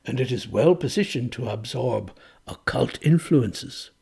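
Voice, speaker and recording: A man's voice: medium pitch, lively intonation, measured pace, vocal fry, darkish tone, breathy edge, heavily acted. A man reading aloud, voicing a frank, wry older clergyman of the 1700s who speaks in a knowing, confiding way.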